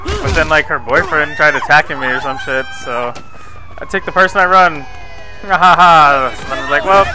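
A young man with a somewhat high voice hosts a gameplay video, speaking at normal speed. He delivers playful, profane commentary over the footage, mocking and teasing the characters on screen, with background noise under his voice.

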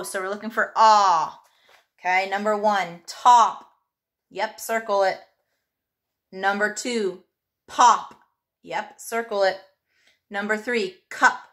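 A woman teacher giving a young pupil a remote phonics and handwriting lesson, speaking clearly and encouragingly with drawn-out vowel sounds. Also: mid-range voice, pushed and bright.

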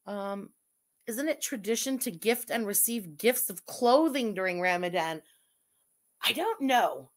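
A woman's voice: a little high, lively intonation, slow, long pauses, fairly bright tone. Mocking woman streamer. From Quebec. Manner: profane, mocking, reads chat aloud. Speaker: livestream host. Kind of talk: casual livestream commentary.

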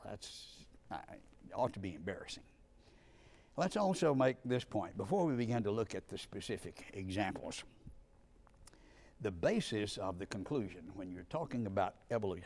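A man with a lowish voice delivers a lecture in a conversational, argumentative way. He leans hard on key words to drive each point home. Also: darkish tone. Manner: emphatic, argumentative, punchy stresses on key words.

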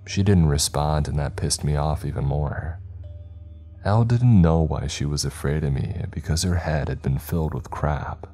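A man narrating a horror story in a measured, dramatic way. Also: very deep voice, warm tone. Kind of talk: scripted narration. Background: faint background music.

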